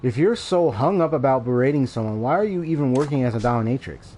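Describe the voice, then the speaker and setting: A man voicing a calm, blunt male hero in a video game, matter-of-fact in tone. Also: mid-range voice, fast, a little hiss or hum, lightly acted.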